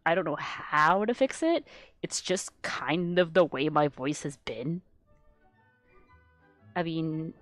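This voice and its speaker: A woman chatting casually on a live stream, rambling and excitable, swearing freely and getting loud when worked up. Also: low-pitched, slow, pauses often, no echo, faint music behind. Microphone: desk microphone she adjusts.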